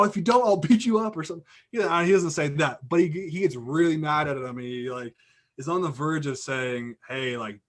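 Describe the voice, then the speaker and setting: Young man telling a lively story. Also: medium pitch. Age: young adult. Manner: animated anecdote with lots of "like" and restarts. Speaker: podcast guest. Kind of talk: casual storytelling.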